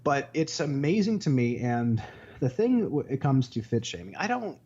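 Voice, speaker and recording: A man's voice: mid-range voice, sing-song, moderate pace, warm tone, husky, highs cut off. A man co-hosting a casual podcast, ranting with a lot of profanity and acting out the voices of people he quotes. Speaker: podcast co-host.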